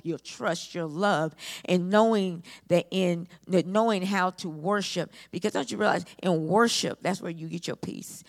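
Gravelly-voiced woman preacher. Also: on the low side. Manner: impassioned, repetitive cadences that build to shouting. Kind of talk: sermon.

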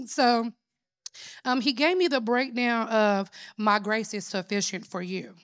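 A woman's voice: on the high side, slow, a bit bright. A woman preaching a sermon in an earnest, prayerful way, mixing scripture with personal testimony. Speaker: lay preacher.

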